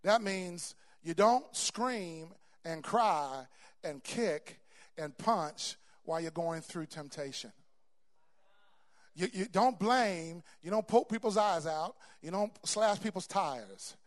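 A man preaching a sermon to a congregation, stammering on repeats and building to loud, emphatic peaks. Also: high voice, animated, takes it slowly. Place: church before a congregation.

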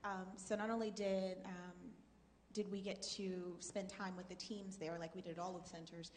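A woman's voice: lowish voice, flat delivery, normal speed. A woman co-hosting a talk show, chatting in an upbeat, reflective way. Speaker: co-host. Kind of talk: casual chat. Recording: reverberant hall, faint background noise.

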